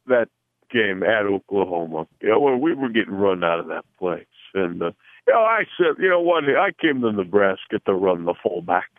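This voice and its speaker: A man's voice: on the low side, no echo. A man playing a rambling, self-praising middle-aged male football coach who talks in folksy card-game analogies, heard over a phone line. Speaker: caller doing a comedy impression. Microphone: telephone.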